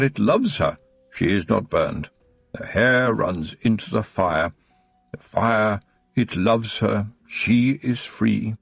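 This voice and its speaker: A man's voice: lowish voice, vocal fry, husky, no echo, full character voice. A man doing a frail, tearful old baron. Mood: dazed. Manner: trembling, wistful old man's voice. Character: frail elderly male baron, tearful and joyful.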